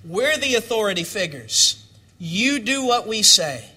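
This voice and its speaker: A man's voice: high voice, very animated, unhurried, bright, forceful tone. A man preaching a sermon, reading scripture with lift and emphasis and acting out the voices of its figures. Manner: bible reading in a lifted, emphatic voice.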